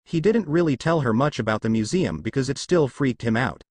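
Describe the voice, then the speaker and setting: Man, story reader, fan fiction, matter-of-fact, lively intonation, dry sound. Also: medium pitch, brisk, slightly rough, dry recording. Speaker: narrator. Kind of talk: reading fan fiction aloud.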